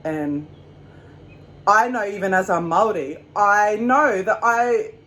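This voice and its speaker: A woman with a New Zealand accent, telling a story to camera in a casual, animated and profane way, acting out quotes. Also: mid-range voice, takes it slowly, low-quality recording. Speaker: vlogger.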